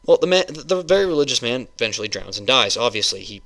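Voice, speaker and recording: A man's voice: mid-range voice, sing-song, fast, fairly bright tone. A man in his early twenties ranting heatedly into a webcam, rambling with many restarts and swearing. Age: 20s. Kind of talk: webcam rant.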